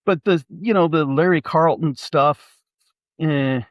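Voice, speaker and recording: A man's voice: fairly high pitch, slow pace, no room sound, highs cut off. A man in casual chat, rambling and hesitant as he works through his thoughts. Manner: rambling, hesitant, many fillers and restarts.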